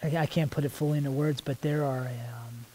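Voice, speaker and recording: A man praying aloud in spontaneous prayer, soft and halting, repeating words as he searches, sometimes dropping to a hushed near-whisper. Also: medium pitch, fairly even intonation, slight background noise, poor audio. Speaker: worship leader praying aloud.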